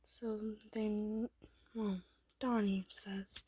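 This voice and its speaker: A woman's voice: mid-range voice, fairly even intonation, slow pace, long pauses, no room sound. A woman reading a second-person fan story aloud, often in a half-whisper.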